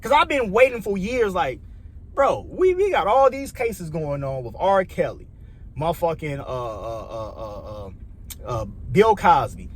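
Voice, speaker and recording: Animated Chicago man ranting profanely. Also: high-pitched, measured pace. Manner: loose, profane, repeats himself, rambling. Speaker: vlogger. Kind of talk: casual opinion rant.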